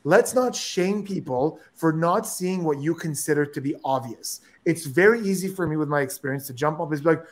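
A man's voice: a little high, normal speed, hardly any pauses. A man guest on a casual livestream, speaking earnestly and emphatically, repeating words as he pushes a point.

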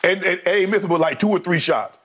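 Guy on a sports debate show, talks quick and high, gets animated quoting players. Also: husky. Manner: animated, quotes players in a raised voice.

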